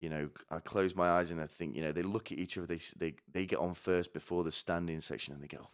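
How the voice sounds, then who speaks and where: A man with a low voice and a clean tone rants solo on a live stream in stand-up style, talking fast with few pauses and fairly even intonation. He rambles provocatively, swears, piles on asides, and keeps asking "right?"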